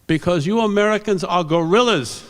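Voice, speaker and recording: An older man puts on a gruff ink instructor with a thick accent. He talks in clipped, blunt commands, rough and gravelly at the bottom. It rings through a big convention hall. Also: high voice, normal speed, a bit bright, voice pushed up. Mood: scornful.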